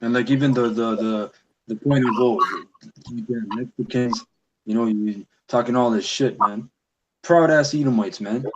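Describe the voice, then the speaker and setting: A man talking in a heated, animated way through a casual religious discussion, tacking "man" onto his sentences as he goes. His voice sits at a middling pitch. A clear hiss of noise and some clicks run under the recording. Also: normal speed, lo-fi sound.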